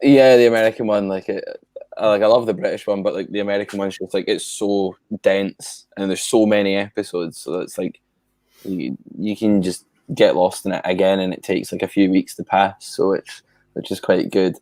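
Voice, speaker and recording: A man's voice: deep voice, fairly even intonation, normal speed, a little mellow, no room sound. A man chatting casually as a guest, rambling with lots of fillers and casual swearing. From Scotland. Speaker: musician guest. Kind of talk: casual chat.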